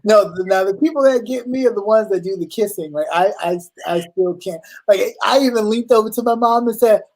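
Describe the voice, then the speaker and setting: A man co-hosting a casual chat, telling animated stories and acting out his family's voices, swearing freely. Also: high-pitched, brisk, low-quality recording. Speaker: co-host.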